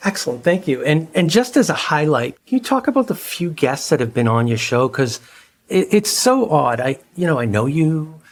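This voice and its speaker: A man's voice: a little high, very animated, moderate pace. A man hosting a podcast, asking friendly, rambling questions. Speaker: podcast host. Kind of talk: conversational interview.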